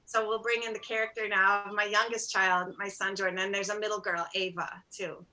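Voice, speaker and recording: A middle-aged woman with a bright, ringing voice tells stories in a relaxed interview. She talks as a singer-songwriter guest, animated and self-deprecating. She acts out bits of dialogue. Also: medium pitch, brisk, poor audio. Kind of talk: storytelling in a casual interview.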